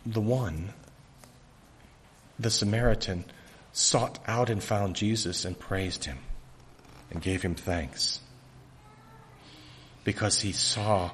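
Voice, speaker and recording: A fairly low-voiced man preaching a sermon while he keeps hiccuping, his throat raw. He speaks earnestly and haltingly, restarting his phrases, with a faint hum of noise behind him.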